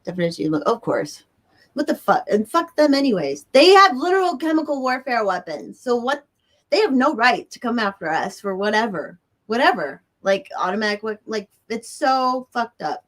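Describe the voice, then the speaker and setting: A woman's voice: fairly high pitch, normal speed. A woman hosting a casual livestream, chatting with viewers and ranting with a lot of profanity, indoors by a window. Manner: excitable and profane, ranting with nervous laughs. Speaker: livestream host. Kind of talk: casual livestream chat reading viewers' comments. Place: indoors near a bright window.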